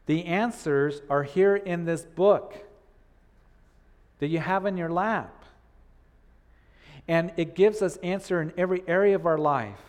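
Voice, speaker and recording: A man's voice: high voice, measured pace, long pauses, a little mellow. A male pastor delivers an earnest sermon in a slightly raised voice. He keeps repeating phrases and gives voice to his listeners' doubts. A long reverb trails each phrase, as if recorded in a church hall.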